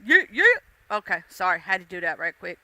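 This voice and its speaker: A woman's voice: fairly low pitch, sing-song, fairly quick, sharp tone, dry recording. A woman hosting a casual livestream, chatting playfully with viewers with lots of fillers and laughs. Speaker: livestream host.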